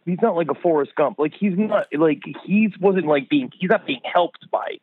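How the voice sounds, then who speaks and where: A man talking as a remote guest, full of profane, rambling comic riffs and loud bursts. His voice comes through a dull, lo-fi line with a dry, close sound. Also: a little high, moderate pace, no echo. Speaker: podcast guest. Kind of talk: casual chat.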